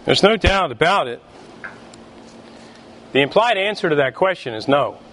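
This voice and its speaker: A male pastor delivers a sermon in a church, speaking with deliberate emphasis and measured pauses. His voice sits a little high for a man. A faint background noise runs under his words. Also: animated, a bit bright.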